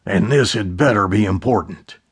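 A man narrating an audiobook voices a gruff, urgent older male general. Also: fairly low pitch, normal speed.

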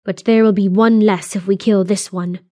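A blunt, gruff dwarf warrior, read by a woman narrator, full of old-fashioned rustic speech. His lines come with bold, ready energy. The recording is dry and close. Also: mid-range voice, steady tone, normal speed, mellow, no room sound, lightly acted. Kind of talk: audiobook character voice.

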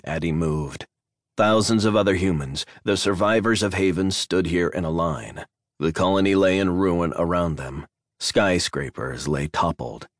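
In a measured, dramatic scripted narration, a deep-voiced man reads a science fiction audiobook on a close studio mic with no echo.

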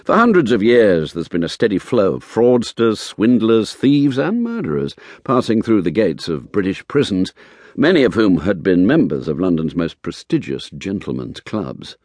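Brief: male narrator, first-person novel read, animated delivery, dry booth. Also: lowish voice, moderate pace, no echo. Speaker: audiobook narrator.

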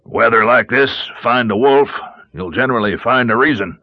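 A man voicing a gruff old backwoods mountain man who drawls in rough country grammar. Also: mid-range voice, normal speed, dry recording, dull audio, lightly acted. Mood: dry, teasing.

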